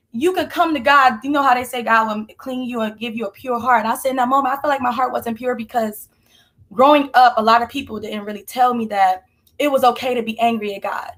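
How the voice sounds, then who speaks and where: A young woman speaks in a somewhat high voice, earnest and heartfelt. She shares a personal faith testimony in a casual, conversational way. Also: fairly bright tone. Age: young adult. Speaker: team member sharing testimony.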